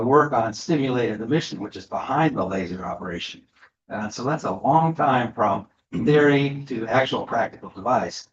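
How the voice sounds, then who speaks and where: Guy giving a talk, lots of uhs and restarts, roomy hall sound, kinda dull audio. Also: medium pitch. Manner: hesitant, many fillers and restarts. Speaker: guest speaker. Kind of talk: lecture. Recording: echoey room, slightly dull sound.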